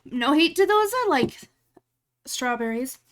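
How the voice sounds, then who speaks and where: A woman with a high-sitting voice and lively intonation talks a little slowly. She's a streamer editing photos while casually chatting with her live chat, rambling, saying "like" constantly and laughing easily.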